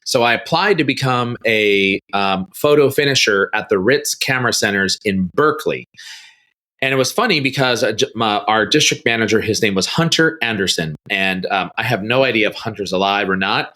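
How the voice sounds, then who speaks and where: A middle-aged man tells a story as a guest on a podcast interview. He has a bright, forward tone and acts out the people in his story with sudden jumps in pitch. He talks loosely and casually, like someone recounting an anecdote. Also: moderate pace. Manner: animated storyteller, acts out quoted dialogue with big pitch jumps.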